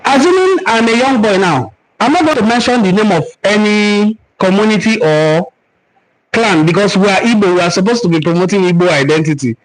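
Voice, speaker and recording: A man talks in a high, animated voice at a fairly quick pace over poor audio. He speaks with a Nigerian accent while hosting a cultural forum live stream, teaching and responding to viewer comments in an earnest, preaching way, doubling up words for emphasis.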